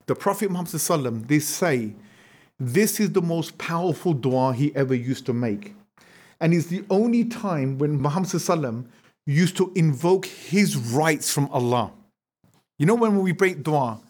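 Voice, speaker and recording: A man with a somewhat high speaking voice gives a religious history lesson. He tells it as a lively story, acting out what people said. He keeps asking his listeners rhetorical questions. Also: fast talker, husky. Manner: animated storyteller, acts out quotes; asks the audience rhetorical questions. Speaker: religious teacher.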